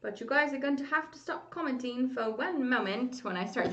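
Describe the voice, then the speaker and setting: A woman's voice: on the high side, normal speed, gravelly, a bit bright, far from the mic. A woman hosting a casual livestream, chatting with viewers and reading their comments aloud. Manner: chatty, reads comments aloud, hums while waiting. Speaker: livestream host. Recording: lo-fi roomy home stream audio.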